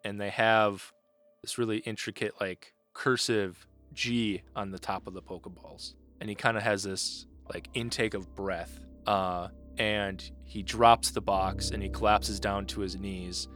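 A man running a tabletop role-playing game, narrating in a relaxed way with many fillers. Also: on the low side, a little slow, soft background music. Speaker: game master.

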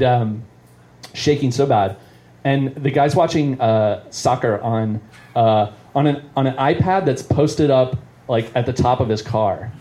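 With a warm, mid-range voice, a comedian at a live venue spins out a long, self-interrupting story, rambling and chuckling as he goes.

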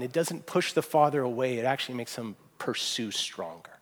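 A man preaching to a gathered room, his voice at an ordinary middle pitch. He talks with earnest conviction, pushing up into emphatic, ringing stretches and then easing into quiet, tender asides. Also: lively intonation, normal speed, few pauses. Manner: earnest, rising to emphatic peaks and dropping to soft quoted asides. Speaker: pastor. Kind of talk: sermon. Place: church hall with audience.

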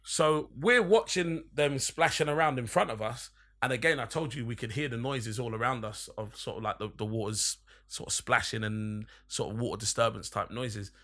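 A man's voice: medium pitch, moderate pace, fairly bright tone. A young man telling a long, rambling, sweary anecdote in casual chat among friends. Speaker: podcast storyteller.

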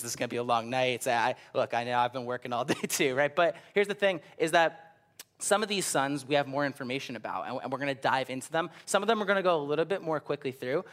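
A young man preaching a sermon in a lively, conversational way, often stammering and repeating words and tossing in "right?". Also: medium pitch. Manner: animated, conversational preaching with frequent "right?" asides. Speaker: pastor.

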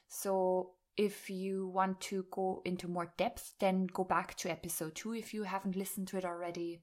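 A woman hosting a self-care podcast, talking casually and laughing often as she speaks. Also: fairly low pitch. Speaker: podcast host. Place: rural home near fields.

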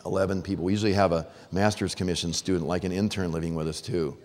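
A man's voice: deep voice, fairly even intonation, fast talker, darkish tone. A middle-aged man preaching a sermon to fathers, earnest and storytelling. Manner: earnest, storytelling with acted-out voices. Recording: long hall reverb.

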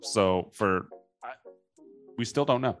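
A man's voice: on the low side, faint music behind. A man hosting a casual chat, directing the others and stumbling over repeated words as he hurries. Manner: directs the group, quick, repeats himself.

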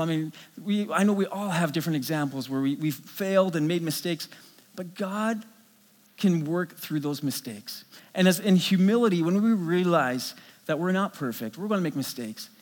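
High-voiced male pastor in a reverberant hall. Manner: storytelling, animated, many restarts. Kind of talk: sermon.

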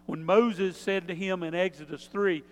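A man's voice: high voice, steady tone, moderate pace, big-room sound. A male pastor preaching a sermon, explaining in a plain, conversational teaching tone.

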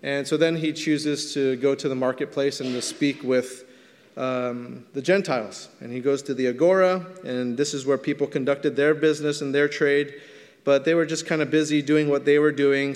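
A man's voice: mid-range voice, darkish tone. A man preaching a sermon as pastor, teaching in a conversational way and stretching words for emphasis. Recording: long hall reverb.

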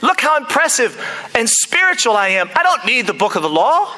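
A man's voice: very high-pitched, sing-song, normal speed, sharp tone, heavily acted. A preacher acting out a smug young king bragging. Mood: boastful. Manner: smug, self-congratulating. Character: young king boasting of his own piety.

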